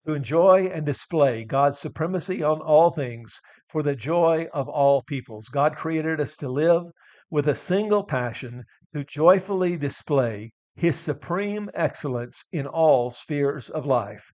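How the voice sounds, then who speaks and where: A man's voice: on the high side, measured pace, darkish tone, dry recording, dull audio. A man preaching a sermon as pastor, earnest and building to emphatic declarations, often restarting his words.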